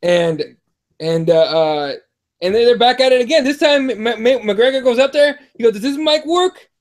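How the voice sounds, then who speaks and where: A man's voice: very high voice, moderate pace, a little mellow. A man hosting a casual fight-talk show, retelling events in a laid-back way and reading viewer comments. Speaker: podcast host.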